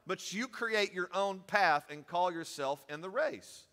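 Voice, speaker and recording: A man preaches a sermon in a high, bright voice. He swings from calm teaching to loud, emphatic preaching. A long reverb from the hall trails his words. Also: moderate pace.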